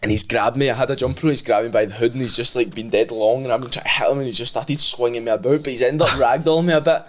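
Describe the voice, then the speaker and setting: A man's voice: medium pitch, steady tone, rapid-fire. A young Scottish man, a podcast guest, telling a story in casual chat, swearing and acting out the dialogue. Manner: swearing, laughing storyteller who acts out the dialogue.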